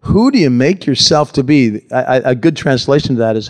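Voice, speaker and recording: Male pastor preaching a sermon, animated delivery, slightly high voice. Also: brisk, hardly any pauses.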